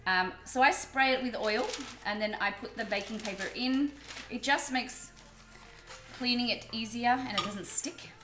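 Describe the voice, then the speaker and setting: A woman's voice: on the high side, normal speed, background noise. An Australian woman from Melbourne hosting a live cooking stream, chatting casually with viewers as she cooks. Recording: roomy echo with music behind.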